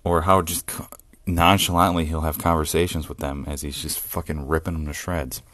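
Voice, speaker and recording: A man with a very low, deep voice talks through a close podcast mic in a dry, dead room. He rants with excitement, swears freely and breaks into laughs often. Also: moderate pace, no room sound. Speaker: podcast host. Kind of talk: solo sports podcast rant.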